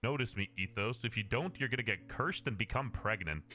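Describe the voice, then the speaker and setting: A man's voice: fairly low pitch, lively intonation, fairly quick, pushed and bright. A man narrating a scripted commentary video with dry, sarcastic asides.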